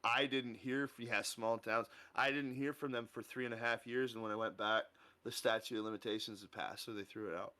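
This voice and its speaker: A man's voice: mid-range voice, fairly even intonation, fairly quick, few pauses, sharp tone. A man in his thirties on a podcast, telling a long story in casual chat, acting out the voices of people in it and laughing as he goes.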